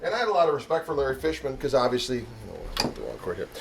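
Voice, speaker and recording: A man's voice: mid-range voice, sing-song, quick pace, creaky, background noise. A middle-aged man, a guitarist, casually telling a story and introducing a pickup demo in a rambling, conversational way. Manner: rambling, conversational, full of "you know".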